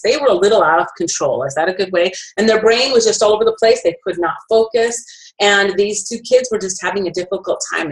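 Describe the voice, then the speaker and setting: Chatty woman telling a story, lowish voice. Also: low-quality recording. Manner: chatty, storytelling, with fillers and self-corrections. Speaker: essential oil presenter. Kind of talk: casual storytelling presentation.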